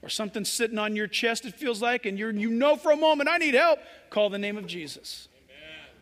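A male pastor delivers an impassioned sermon in a very high, ringing voice. His tone is bright and forceful, and long reverb from a large hall trails every phrase. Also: a little fast. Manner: impassioned preaching, acts out quoted voices.

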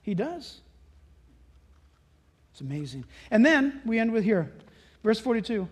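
A male pastor preaching in an animated, storytelling way, sliding between voices as he tells each story. His voice sits very high for a man, and his pitch swings widely from line to line. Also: normal speed. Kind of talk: sermon.

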